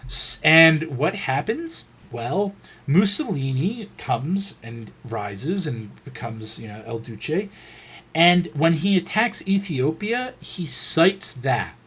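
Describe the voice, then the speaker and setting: Man, husky voice, casual history lecture, rambling, lots of ums and restarts. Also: on the high side, big pitch swings, slow pace, a bit bright. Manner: rambling, full of fillers and restarts.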